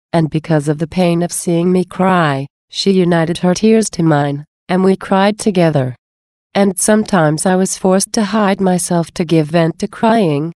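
A woman reads as a tender, sorrowful grown man in a gentle, measured devotional reading. The voice sits low and mellow. The sound is close and dry. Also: no room sound, natural voice. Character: tender sorrowful adult man, Jesus speaking.

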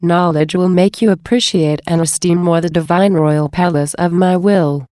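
A woman reading the words of a gentle, solemn male divine figure, tender and earnest. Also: on the low side, no room sound, clean studio sound, close to an everyday voice.

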